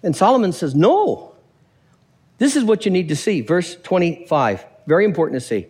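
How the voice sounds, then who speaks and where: A man preaching a sermon, reading scripture aloud and acting out the characters in the passage with quick voices. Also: high-pitched, husky, long reverb tail. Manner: animated, acts out characters, reads scripture aloud.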